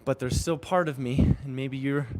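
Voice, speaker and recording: A man's voice: medium pitch, steady tone, moderate pace, noisy background. A young man talking earnestly and reflectively while riding a bike outdoors in the rain, often repeating phrases to himself. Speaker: vlogger. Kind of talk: reflective spiritual vlog.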